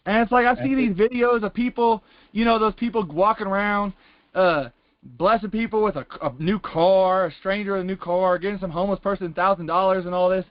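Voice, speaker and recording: High-voiced man rambling on a lo-fi call. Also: no room sound. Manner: rambling, colloquial, repeats "it's like". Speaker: class participant. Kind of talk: casual testimony on a call-in Bible class. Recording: dull lo-fi conference call line.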